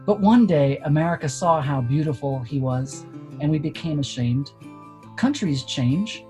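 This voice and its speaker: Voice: mid-range voice, animated, measured pace, warm tone, soft background music. A reader giving an earnest, declamatory dramatic reading during a worship service.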